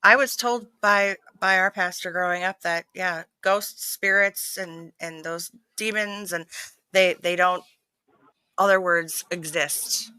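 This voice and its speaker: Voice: medium pitch, steady tone, slow, sharp tone, smooth, dry recording. A co-host on a live paranormal stream, chiming in with short reactions and opinions. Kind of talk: casual chat.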